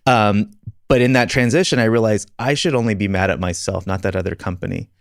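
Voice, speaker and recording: A man with a low voice hosts a relaxed podcast chat. He tells stories and pokes fun at himself, laughing often. The sound is dry and close, with no room echo. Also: a little fast, creaky. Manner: storytelling, self-deprecating, laughs often. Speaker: podcast host. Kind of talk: casual conversation.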